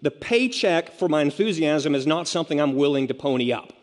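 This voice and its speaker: A man's voice: fairly high pitch, animated, fairly quick. A man preaching a sermon in a conversational way, with self-mocking asides and acted-out quotes. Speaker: pastor. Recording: long reverb of a large hall.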